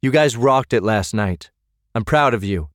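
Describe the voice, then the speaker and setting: A man voicing a steady teen gang leader. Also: mid-range voice, unhurried, no echo, clean studio sound, natural voice. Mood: earnest.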